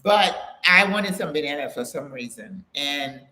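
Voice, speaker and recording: A woman's voice: low voice, lively intonation, unhurried, sharp tone. An older woman hosting a live Q&A, chatting casually, laughing often and greeting viewers by name. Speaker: host of a live Q&A for retiring women. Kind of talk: casual live-stream chat.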